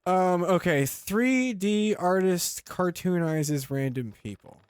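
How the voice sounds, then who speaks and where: A man hosting a comedy podcast, chatting casually and riffing on jokes with quick tangents. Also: sits high, a little mellow, smooth, dry recording. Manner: rambling, joking, quick tangents. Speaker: podcast host.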